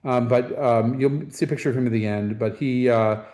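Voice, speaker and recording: A man from a museum's staff talks an audience through an exhibition in an unscripted gallery talk. He hesitates a lot, filling gaps with ums and uhs and breaking off to restart his sentences. His voice sits at an ordinary middle pitch for a man. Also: fairly even intonation, dark tone. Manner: halting, with frequent ums and restarts. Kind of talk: informal gallery talk with slides.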